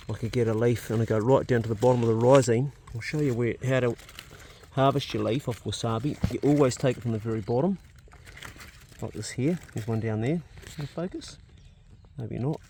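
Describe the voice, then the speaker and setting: New Zealand homesteader man, relaxed vlog narration, mid pitch, faint outdoor hiss. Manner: chatty, matter-of-fact, casual swearing. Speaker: vlogger. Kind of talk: casual narration while working outdoors.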